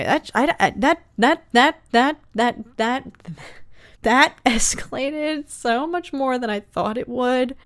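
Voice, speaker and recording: Excitable woman reacting to a show. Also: a little high, slow. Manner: excitable, stammering, exclamatory. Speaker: reaction video host. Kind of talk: casual reaction commentary.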